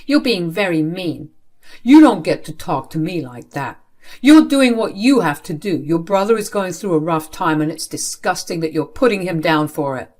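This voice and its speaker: A woman's voice: on the low side, moderate pace, natural voice. A woman voicing a stern, unfair middle-aged father who scolds coldly, in her own everyday voice. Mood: scolding. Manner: scolding, cold.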